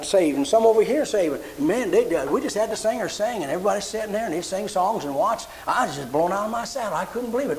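A man's voice: sits high, a little mellow, slight background noise, poor audio. A man preaching as a pastor, telling a story in a folksy way that repeats and restarts phrases. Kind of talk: sermon storytelling.

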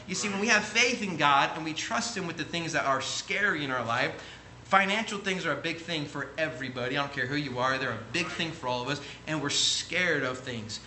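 Man, 30s, pastor, earnest repetitive sermon delivery, bright and a little high. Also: a little fast, a little hiss or hum. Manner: earnest preaching with repetition, closes in prayer. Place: church room.

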